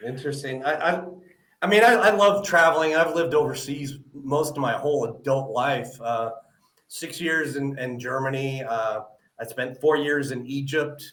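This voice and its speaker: A man's voice: medium pitch, moderate pace, a bit bright, reverberant. A man hosting a live podcast interview, friendly and asking follow-up questions with lots of hesitations. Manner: friendly, asks follow-up questions, many "uh" fillers. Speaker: podcast host.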